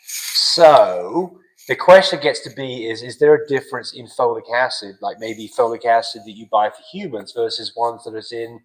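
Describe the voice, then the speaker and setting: A man's voice: mid-range voice, moderate pace, rough recording. A man hosting a live dog breeding stream, chatting casually and answering viewer questions with practical advice. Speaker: dog breeding show host.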